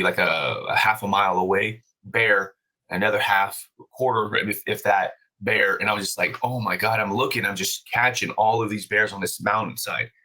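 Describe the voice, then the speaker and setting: A man telling a story on a podcast as the guest, animated and casual, swearing freely with many fillers and restarts. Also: on the low side, low-quality recording. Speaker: podcast guest, brewery owner.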